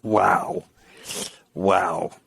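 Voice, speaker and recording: A man's voice: sits low, steady tone, extremely slow, vocal fry, fairly bright tone, husky, no echo. A man co-hosting a casual comic-book podcast, reading plot summaries aloud and cracking joking asides. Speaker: podcast co-host.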